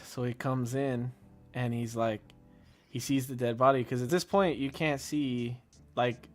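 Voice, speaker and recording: A man's voice: medium pitch, steady tone, measured pace, soft background music. A man in casual chat, retelling a movie's plot and acting out lines with a raised voice. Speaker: podcast co-host.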